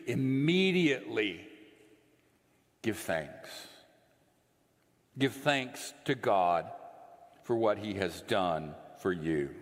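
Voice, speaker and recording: A man preaching a sermon, slow and earnest, letting his voice sink low and soft at the ends of phrases. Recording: long reverb of a large hall.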